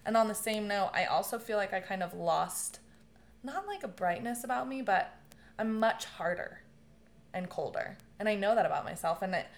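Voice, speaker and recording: A young woman in a casual conversation, telling stories with lively bursts of laughter and swearing. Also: mid-range voice. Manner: animated storytelling, laughing often, swearing. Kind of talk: casual chat.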